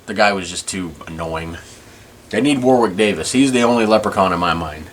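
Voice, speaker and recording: A man's voice: deep voice, animated, a little fast, slight background noise. A man hosting a podcast, chatting casually and rambling as he goes. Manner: rambling, many restarts. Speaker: podcast host. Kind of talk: casual chat.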